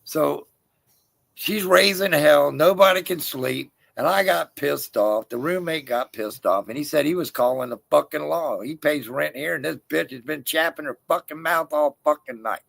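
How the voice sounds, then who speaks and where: A man with a gravelly, husky voice tells a rowdy story, swearing freely. His tone is bright and forceful, and the sound is dry and close. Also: on the high side, normal speed, no room sound. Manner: crude, profane, rowdy storytelling. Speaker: guest storyteller. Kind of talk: casual chat.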